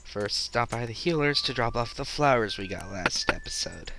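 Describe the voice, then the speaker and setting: A man's voice: medium pitch, animated, normal speed, noisy background. Chatty man commenting on a game. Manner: chatty, self-deprecating asides to viewers. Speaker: let's play commentator. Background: game music.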